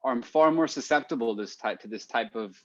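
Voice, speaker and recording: A man's voice: mid-range voice, fairly quick, a bit bright, no room sound. Man thinking aloud on muffled audio. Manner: thinking aloud, repeats words when restarting. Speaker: podcast guest. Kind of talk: casual chat.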